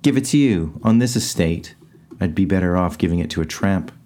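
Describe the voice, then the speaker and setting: A man's voice: low voice, expressive, brisk, dark tone. A man voicing a smug, bullying rich teenage boy in a short story he reads aloud, taunting and sneering.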